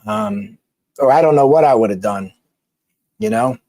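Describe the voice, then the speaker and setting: A man talks loosely to his live-stream viewers, tripping over his words and starting sentences over. His voice sits at an ordinary middle pitch. The sound is dry and close, with no room echo. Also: very animated, gravelly, warm tone. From Philadelphia. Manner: rambling, halting, with many restarts and laughs. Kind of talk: casual live-stream chat reading comments.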